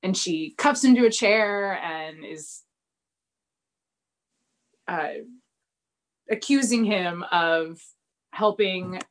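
A woman's voice: on the low side, extremely slow, pauses often. A woman, casually recapping an episode and acting out the characters' lines with bursts of laughter. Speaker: podcast co-host recapping a TV episode. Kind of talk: casual chat.

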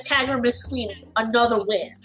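A woman's voice: a little high, normal speed, fairly bright tone, soft background music, low-quality recording. A woman co-hosting a casual podcast, reacting to her partner with wry asides and groans. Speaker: podcast co-host. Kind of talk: casual chat.

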